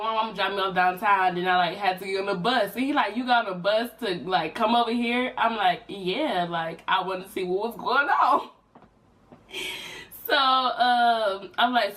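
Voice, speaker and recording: A young woman, telling a personal story in a casual vlog and jumping up high for quoted voices. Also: fairly bright tone, recorded from a distance, poor audio. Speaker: vlogger.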